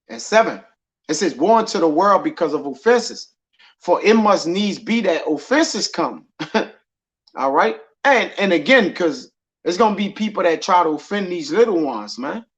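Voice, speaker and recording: A man teaching scripture in a loose, conversational way, often tagging his lines with "man" and "all right". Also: high voice. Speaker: preacher. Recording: dull lo-fi audio.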